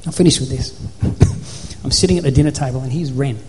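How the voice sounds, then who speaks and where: A man preaching a sermon as pastor, building to repeated, shouted phrases. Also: mid-range voice, a little fast, background noise. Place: church hall. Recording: reverberant church hall.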